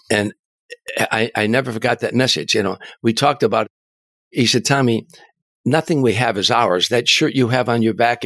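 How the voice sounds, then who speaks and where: Older male guest, low voice, dry close sound, animated storyteller who stammers on restarts. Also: no room sound. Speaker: interview guest, comedian and author. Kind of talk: storytelling in an interview.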